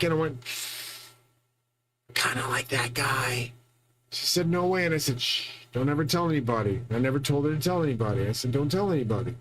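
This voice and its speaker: A channel host with a fairly high male voice rambles through a long solo monologue, boastful and profane and stumbling over restarts. The audio is poor, with slight background noise.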